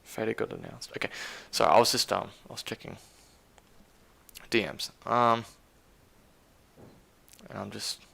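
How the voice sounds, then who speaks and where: A man's voice: lowish voice, unhurried, gravelly, long pauses, bright, forceful tone. A man with an Australian accent hosting a casual live stream, rambling and incredulous as he reads chat aloud. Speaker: stream host.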